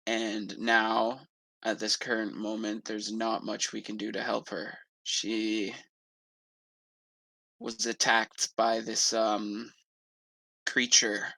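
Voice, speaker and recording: A man playing a grieving, protective male adventurer, telling a slow, halting story in character during a tabletop role-play. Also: lowish voice, completely flat delivery, gravelly, sharp tone, no echo, exaggerated voice, rough recording. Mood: somber.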